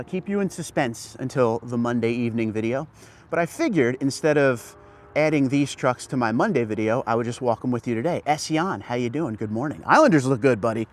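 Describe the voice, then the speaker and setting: A man hosting a casual live stream from outdoors on a car dealership lot, chatting and greeting viewers by name as he walks. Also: mid-range voice.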